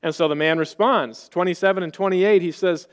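High-voiced man preaching earnestly. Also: a little fast, clear, resonant tone. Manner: earnest, conversational preaching with rhetorical questions. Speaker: pastor. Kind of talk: sermon.

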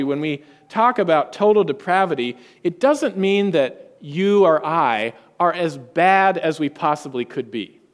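A pastor preaching a sermon, emphatic and rhetorical. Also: male voice, high-pitched, big-room sound.

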